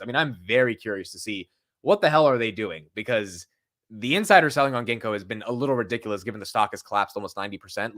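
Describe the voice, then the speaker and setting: A man's voice: on the low side, a bit bright. A young man hosting a live stock market show, talking casually and frankly, rambling with restarts and the odd swear word. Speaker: stock market livestream host.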